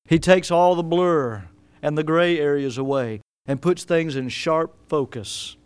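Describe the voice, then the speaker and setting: A male pastor preaching with a high, smooth, resonant voice, recorded close and dry. He swings from loud emphatic bursts to hushed low phrases, drawing out key words and stumbling into restarts. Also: a little slow, no room sound. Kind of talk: sermon.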